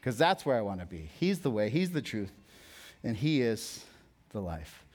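A young man preaching a sermon as a pastor, conversational and jokey, telling stories, then dropping soft for emphasis. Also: fairly low pitch, sing-song, normal speed. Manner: conversational, jokey storytelling with sudden soft drops.

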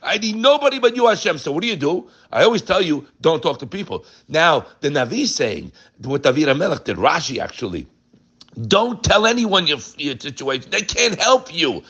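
A man giving an animated Torah talk, emphatic and full of rhetorical questions, mixing Hebrew terms into English. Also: a little high, normal speed, breathy edge, lo-fi sound. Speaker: rabbi giving a Torah class.

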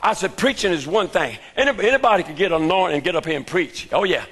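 An older man preaching a fervent sermon in a church, shouting his lines and calling out to the congregation. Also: sits high, animated, fast, breathy edge.

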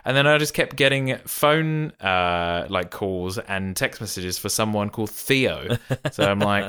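A man's voice: fairly low pitch, a bit bright, smooth. A man from the UK co-hosting a podcast, joking around in casual banter. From United Kingdom. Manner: jokey, quick asides, silly voices. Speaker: podcast co-host.

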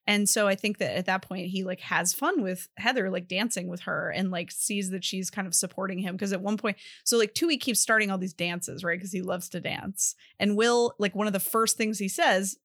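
A woman's voice: mid-range voice, moderate pace, few pauses, a bit bright, no room sound, studio quality. A woman co-hosting a podcast, chatting casually about a movie's characters with lots of fillers. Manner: chatty, heavy use of 'like'. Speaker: podcast co-host.

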